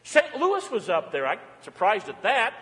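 A male pastor delivers a sermon in a fairly high voice. He pushes out loud, emphatic phrases, then drops into hushed, soft passages. His words trail off into the long reverb of a large sanctuary. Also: huge pitch swings, normal speed.

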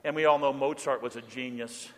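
A middle-aged man preaching a sermon as pastor, emphatic, slowing down for repeated refrains the congregation says back. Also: medium pitch, fairly even intonation. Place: church sanctuary. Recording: long church reverb.

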